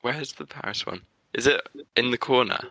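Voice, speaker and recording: A man's voice: mid-range voice, normal speed, creaky, sharp tone, low-quality recording. A man co-hosting a podcast, laid-back and hesitant with many fillers in casual chat. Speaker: podcast co-host.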